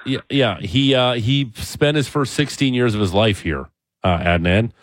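A man's voice: mid-range voice, measured pace, dry recording. A man, hosting a sports radio show, chatting in an easygoing, teasing way. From Calgary, Canada. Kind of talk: casual sports radio chat.

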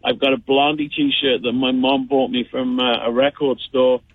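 A man's voice: mid-range voice, little pitch movement, normal speed, breathy edge, no echo. A man in his fifties from the United Kingdom, calling in to a radio show and rambling chattily with lots of fillers over a phone line. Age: 50s. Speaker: caller. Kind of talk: phone call-in chat.

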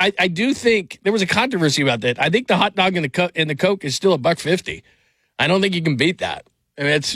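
Male radio host, bright and forceful, rambling jokey banter, dry studio sound. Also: high voice, no room sound. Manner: rambling, jokey, with many restarts. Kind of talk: casual chat.

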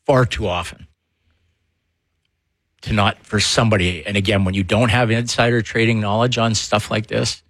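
A man co-hosting a sports talk show, telling stories in an animated way and laughing easily. His voice sits a little low. The sound is close and dry. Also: moderate pace, pauses often, no echo. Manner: animated storyteller, laughs often. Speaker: sports radio co-host, former player.

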